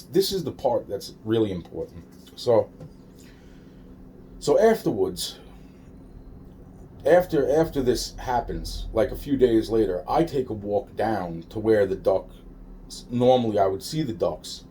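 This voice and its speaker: A man's voice: on the low side, animated, normal speed, mellow, slight background noise. A man telling a rambling personal story, swearing often and restarting his sentences. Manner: profane, rambling, many restarts and repeated fillers.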